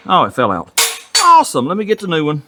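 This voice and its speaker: Man, Southern US accent, folksy garage vlog host, self-deprecating, lively pitch, clear shop noise behind. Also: quick pace. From Tennessee, USA. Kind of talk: casual workshop vlog talk. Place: home garage workshop.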